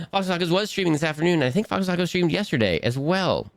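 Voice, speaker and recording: A man's voice: high-pitched, animated, normal speed, vocal fry. A man streaming a game live, chatting casually and bubbly, rambling and restarting his sentences.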